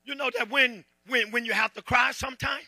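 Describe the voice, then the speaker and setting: A pastor with a Southern American accent preaching a sermon in church, calling on the congregation to answer and breaking into shouts and half-sung lines. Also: male voice, very high voice, fairly even intonation, a little fast, dry recording. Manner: preaching with call-and-response, shouting and half-singing. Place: church sanctuary.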